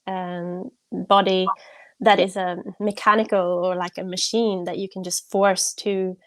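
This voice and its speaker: Woman podcast guest, mid-pitched, earnest and reflective, casual talk over a call, dry close audio. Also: little pitch movement, measured pace, dry recording. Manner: earnest and reflective, with soft laughs. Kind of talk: casual conversation.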